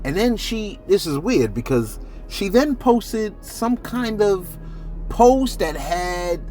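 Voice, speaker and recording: Chatty male gossip host with a higher voice, loose rambling delivery, light music under him. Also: big pitch swings, slow, a little mellow. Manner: chatty, rambling, repeats "you see what I'm saying". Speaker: celebrity news host. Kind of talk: casual commentary.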